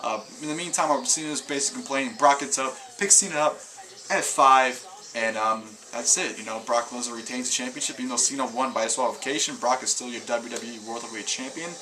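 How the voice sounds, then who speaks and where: A man's voice: mid-range voice, steady tone, fast, sharp tone, poor audio. A man giving a casual video review of a wrestling show, rambling through his recap with lots of fillers and restarts. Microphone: camera mic.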